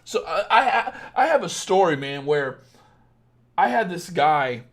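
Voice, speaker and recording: A man in his thirties talks through dating questions on a live stream. His voice sits a little high, and his talk is blunt and full of swearing. He drops into low, muttered asides, then breaks into loud, heated rants. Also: big pitch swings, measured pace. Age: 30s. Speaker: dating coach. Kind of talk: live-stream advice chat.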